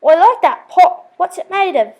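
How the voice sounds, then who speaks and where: A woman voicing an excitable young male wallaby in a storybook reading, chatty and eager. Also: very high-pitched, moderate pace, lo-fi sound, voice pushed up.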